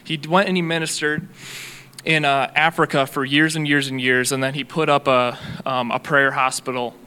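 A man's voice: mid-range voice, little pitch movement, moderate pace, sharp tone, smooth. A young man preaching a sermon in an earnest way, teaching on faith and healing. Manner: earnest, reads a long testimony aloud.

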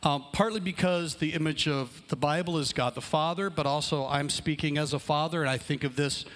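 A man, a pastor and father, preaching a relaxed, conversational sermon to his congregation. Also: on the high side, a little fast. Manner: conversational, explaining plans aloud. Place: church hall with congregation.

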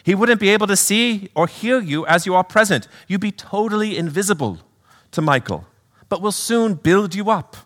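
A patient, kindly male spirit, as a preacher acts him out talks in a gently reasoning British voice. He is raised in pitch and sounds bright and clear. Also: lively intonation, moderate pace, in a large hall. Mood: gentle. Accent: British, put on.

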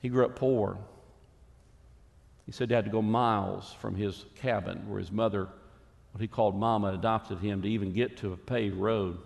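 A man preaching a sermon as a pastor, earnest and emphatic, with dramatic pauses. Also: lowish voice, steady tone, vocal fry, a little mellow, long reverb tail.

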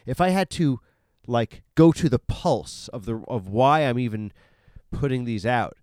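A mid-range, slightly mellow male voice with lively intonation carries this casual solo podcast at a slightly slow pace. The host rambles, curses freely, and is full of fillers and self-corrections. The studio podcast microphone gives clean sound with no echo.

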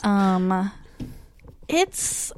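A woman's voice: mid-range voice, sing-song, very slow. A woman co-hosting a casual movie chat, blunt and teasing, rambling a little. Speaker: podcast co-host.

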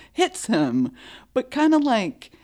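A woman telling a story in a casual chat, animated and laughing often, acting out what people said. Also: high-pitched, very slow.

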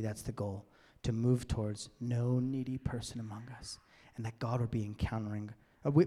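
A man preaching a sermon as a pastor in a church, swinging from loud emphatic bursts to near-whispers. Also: medium pitch. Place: church sanctuary. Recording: long church-hall reverb.

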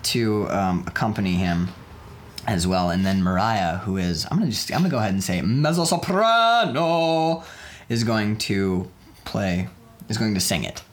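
A man's voice: low-pitched, moderate pace. A man chatting casually about his indie film, joking around, rambling and laughing often. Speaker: indie filmmaker. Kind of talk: casual chat.

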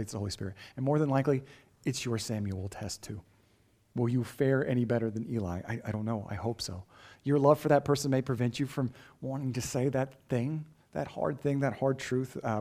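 A man's voice: mid-range voice, darkish tone. A pastor delivering a sermon in an earnest, emphatic way, often asking his listeners rhetorical questions.

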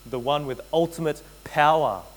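A man preaching a sermon, earnest and direct, addressing his listeners as friends and repeating key phrases, often dropping to a hushed intensity. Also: fairly high pitch, moderate pace, poor audio. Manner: addresses listeners as friends, frequent tag questions. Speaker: pastor.

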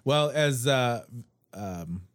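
A man hosting a podcast, chatting casually and telling halting, rambling stories. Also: mid-range voice, expressive, no echo, clean studio sound. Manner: rambling, halting storyteller with restarts. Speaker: podcast host. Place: Seattle.

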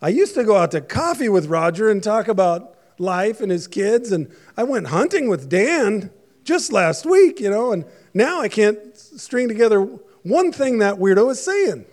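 A harried, bossy construction foreman, played by a preacher. His voice is raised and high as he hurries his crew along. It sounds like a comic bit told from a pulpit. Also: big pitch swings. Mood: bewildered. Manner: shouting orders, hurried.

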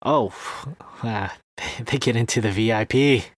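A man co-hosting a podcast, pitching its membership in a hesitant, chuckling, casual way. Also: slow, no room sound, clean studio sound. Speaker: podcast co-host. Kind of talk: casual chat.

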